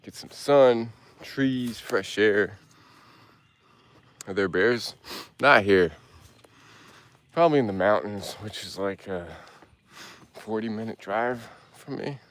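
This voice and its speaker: Low-voiced guy huffing up a trail, slow laid-back talk, birds and outdoor sounds around. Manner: breathless, laid-back, answers chat questions aloud. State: out of breath. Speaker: vlogger hiking and reading live chat. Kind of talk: casual chat while hiking. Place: outdoors on a hilly wooded trail.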